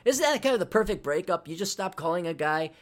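Lively profane man telling a rambling story. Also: high-pitched, fast. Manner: profane, rambling, drifting into tangents. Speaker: podcast host. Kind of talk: casual storytelling monologue.

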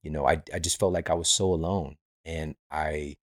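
Male podcast host, very low voice, sincere and reflective, dry studio sound. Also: steady tone, normal speed, no room sound. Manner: earnest, reflective, speaks in personal anecdotes. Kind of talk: podcast conversation.

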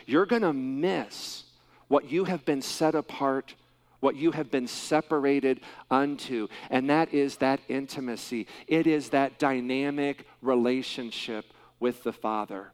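A male pastor giving a sermon, speaking emphatically with dramatic pauses and wide swings in loudness. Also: medium pitch.

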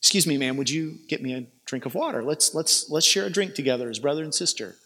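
A male preacher voicing Jesus as a patient, gently inviting man. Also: on the high side, animated, quick pace, exaggerated voice. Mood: gentle. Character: patient, kindly Jesus offering water. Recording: long hall reverb.

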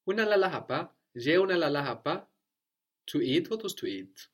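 A man's voice: a little high, sing-song, brisk, breathy edge. A man teaching a language lesson, patiently prompting his student and repeating her answers.

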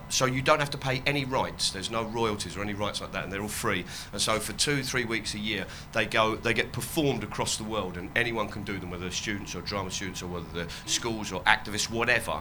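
A man with a crisp, bright tone talks in a loose, rambling way. He laughs often, swears freely and drops his voice low when quoting other people. Faint ambient sound sits behind him. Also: brisk, hardly any pauses, a little hiss or hum. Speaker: comedian and activist guest. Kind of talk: casual chat.

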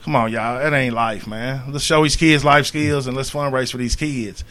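An earnest middle-aged man speaking on a radio talk show. His voice is bright and forceful, and he preaches to listeners, rising loud and then dropping quiet and low. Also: fairly even intonation, normal speed. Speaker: community organizer and guest.

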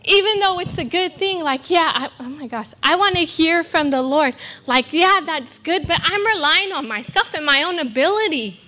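A woman's voice: extremely high pitch, expressive, normal speed, hardly any pauses, pushed and bright. A young woman from California preaching a sermon at a church service, earnest and emphatic with self-deprecating asides. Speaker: guest preacher.

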